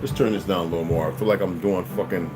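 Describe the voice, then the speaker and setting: Angry profane man ranting loudly. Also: fairly even intonation, fast, over music. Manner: angry, profane, swings loud and high. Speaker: channel host. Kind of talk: profane rant to camera.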